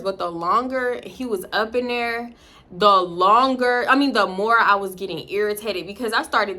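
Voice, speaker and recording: Sex: woman. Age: 20s. Style: casual storytime vlog. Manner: blunt, profane, animated. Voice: bright and fairly high. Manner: blunt and profane, animated, addresses viewers as y'all. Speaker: storytime vlogger.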